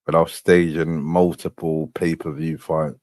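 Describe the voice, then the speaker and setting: Deep-voiced man drawling a slow recap. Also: flat delivery, darkish tone, no room sound. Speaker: host. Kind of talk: commentary on replayed clips.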